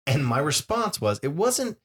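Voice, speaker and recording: A man co-hosting a podcast, telling a story in casual chat with animated asides. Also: on the high side, a little slow, breathy edge. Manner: animated storytelling, mimics voices. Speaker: podcast co-host.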